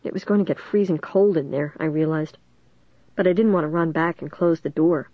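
Young woman reading a creepy teen book, lowish voice, muffled dead-dry audio. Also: brisk, no room sound. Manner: steady, suspenseful reading. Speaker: audiobook narrator. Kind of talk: first-person storybook narration. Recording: dull dry lo-fi recording.

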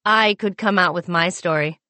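A woman's voice: lowish voice, moderate pace, pushed and bright, no room sound. A woman playing a tense, desperate schemer. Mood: pleading.

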